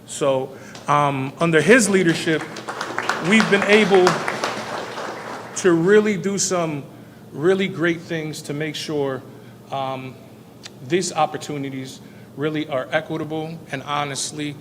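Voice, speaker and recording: A man's voice: fairly high pitch, unhurried, pauses often. A man, a state senator, giving a loose, filler-heavy speech at a press event. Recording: hall reverb with faint noise.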